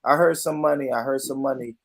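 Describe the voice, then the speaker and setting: A man's voice: mid-range voice, fairly even intonation, fast talker, gravelly, a crowd in the background. A man hosting a casual podcast chat, emphatic and prone to repeating himself. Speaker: podcast host.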